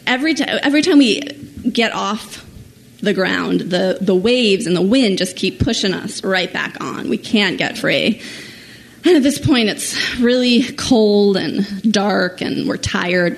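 A woman telling a personal story to an audience in an animated, self-mocking way, laughing at herself as she goes. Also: medium pitch.

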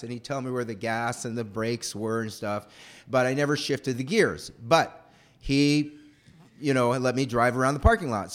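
Man, storyteller, slightly high voice, animated, rambling personal tale.

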